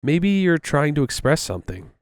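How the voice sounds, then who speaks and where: A man voicing a calm, disembodied adult male voice coming through a radio. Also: fairly high pitch, moderate pace, no room sound, clean studio sound, pitched above the performer's own voice. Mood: probing. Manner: calm, probing.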